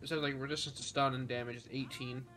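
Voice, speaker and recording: A man's voice: medium pitch, flat delivery, quick pace, bright, forceful tone. A young man playing a tabletop game over a voice call, unsure of the rules, self-deprecating and casually swearing. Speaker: player.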